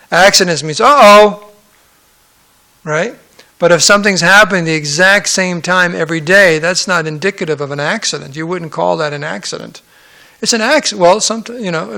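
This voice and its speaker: A man with a fairly high, bright voice teaches a scripture class in a relaxed, conversational way. He breaks off from the reading for joking asides and puts on quoted voices. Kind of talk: sermon-style scripture class.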